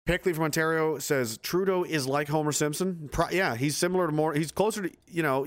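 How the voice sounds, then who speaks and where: A man hosting a casual livestream, reading viewer comments aloud and answering with blunt, profane, exasperated rants. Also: fairly high pitch.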